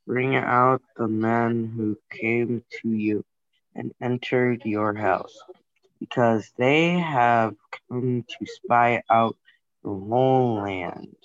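A man reading scripture aloud in a class, halting and stumbling over names. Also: mid-range voice, steady tone, no echo, lo-fi sound. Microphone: video call.

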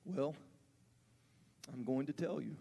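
A man preaching a sermon as pastor, building from calm teaching to fervent, rising delivery. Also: mid-range voice, slow, vocal fry. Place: church sanctuary. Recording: church hall reverb.

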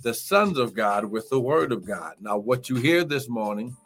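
A man's voice: medium pitch, animated, normal speed, fairly bright tone. A man preaching a live morning sermon as pastor, exuberant and repetitive, calling out praise and urging listeners on. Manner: repeats phrases and urges listeners to get it.

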